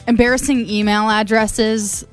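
A woman co-hosting an afternoon radio podcast, chatting casually and telling lively stories with frequent laughs. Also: a little high, unhurried, faint music behind. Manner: animated storytelling, laughs often. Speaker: radio co-host. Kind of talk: casual chat. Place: radio studio.

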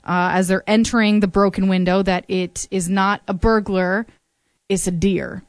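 A woman's voice: mid-range voice, steady tone, normal speed, dry recording. A woman co-hosting a radio show, telling a news story in a chatty, laughing way. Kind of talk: casual on-air radio chat.

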